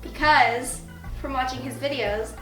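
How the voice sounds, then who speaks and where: A woman's voice: high-pitched, a little slow, fairly bright tone. A teenage girl chatting casually as co-host, giving short replies and telling stories. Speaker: co-host daughter. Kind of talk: casual reaction chat. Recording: echoey room with music underneath.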